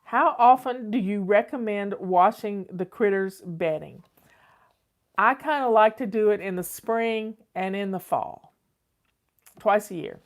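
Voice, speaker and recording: A woman's voice: mid-range voice, measured pace. An older woman, chatting casually and repeating herself as she answers viewer questions as host. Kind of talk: casual advice chat.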